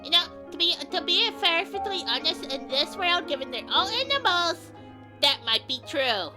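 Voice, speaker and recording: A woman streamer reading a game aloud, in an unhurried, lightly amused way. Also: extremely high pitch, big pitch swings. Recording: game music under voice. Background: game music.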